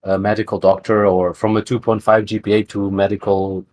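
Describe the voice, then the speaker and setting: A man with a lowish voice chats casually as a podcast co-host. He wanders through his points with plenty of fillers and false starts. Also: little pitch movement, a little fast, a little mellow. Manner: rambling, full of fillers and restarts. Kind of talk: casual chat.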